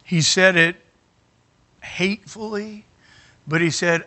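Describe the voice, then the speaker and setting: A middle-aged man preaching his testimony in a high, very bright voice. He is emotional, climbing to near shouts and dropping to hushed moments, and he often restarts his sentences. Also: unhurried, creaky. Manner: emotional, rising to near shouting at climaxes, dropping quiet at others; repeats words and restarts phrases. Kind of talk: sermon storytelling.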